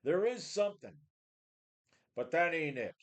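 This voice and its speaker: A man's voice: a little high, animated, measured pace. A man in his forties rambles to his webcam in a home gym, blunt and worn down. He swears freely, sighs often and trips over his own restarts. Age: 40s. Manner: blunt, profane, weary, full of sighs and restarts. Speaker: vlogger. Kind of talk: casual rambling talk to a webcam.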